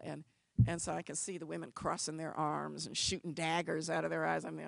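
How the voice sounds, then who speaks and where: A woman who is a civil rights lawyer, giving a speech to an audience with wry, animated storytelling. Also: deep voice, fairly quick, gravelly, no echo.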